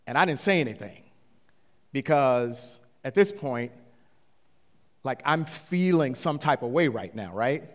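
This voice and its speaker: A middle-aged man pastor telling a story in a sermon, animated and often climbing high when he retells conversations. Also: measured pace, pauses often. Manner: animated, rising to excited high-pitched retellings. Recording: long hall reverb.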